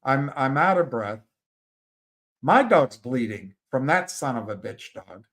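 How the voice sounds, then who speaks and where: A man hosting a live stream, telling a story in a halting, rambling way with many restarts and reading out viewer comments. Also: medium pitch, sing-song, fairly bright tone. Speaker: livestream host. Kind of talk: casual livestream chat and storytelling.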